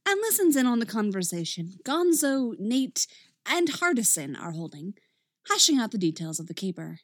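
A woman reading a story aloud with expressive, wry narration, recorded close up. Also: medium pitch, moderate pace, dry recording.

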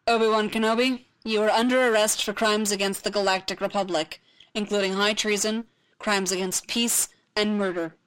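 A woman's voice: mid-range voice, steady tone, moderate pace, a bit bright, clean tone, close to an everyday voice, rough recording. A woman voicing a stern, commanding male Jedi master who speaks formally and firmly. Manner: formal, firm.

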